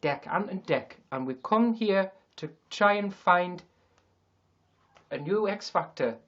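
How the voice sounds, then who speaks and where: Man doing a hearty geordie guy, loud singsong, dull lo-fi sound. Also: high-pitched, animated, takes it slowly, voice pushed up, full character voice. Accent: Geordie, put on. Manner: loud sing-song exaggerated impression. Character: hearty Newcastle man greeting a friend.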